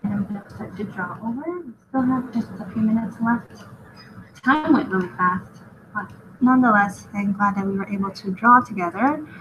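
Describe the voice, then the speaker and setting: A woman's voice: medium pitch, normal speed. A woman chatting casually as she draws on a live stream, rambling and often laughing at herself. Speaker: artist streaming a drawing session. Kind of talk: casual chat while drawing. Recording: lo-fi with clear background noise.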